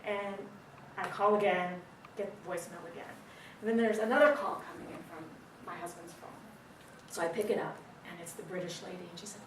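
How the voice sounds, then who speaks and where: A woman giving an animated, dramatic storytelling speech at a speaking club, with pauses for effect. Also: mid-range voice, a little hiss or hum. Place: meeting room. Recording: roomy distant recording with faint ambience.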